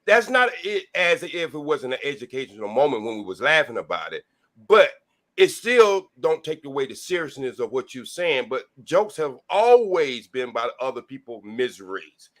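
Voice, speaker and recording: A man's voice: medium pitch, sing-song, moderate pace, fairly bright tone. A man talking casually on a live-stream panel, folksy and preachy. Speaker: panel guest.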